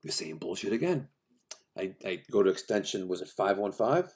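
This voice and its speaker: A man's voice: sits low, sing-song, normal speed, a little mellow, husky. A middle-aged man, an HVAC contractor ranting in a vlog about a supplier, exasperated and acting out phone calls.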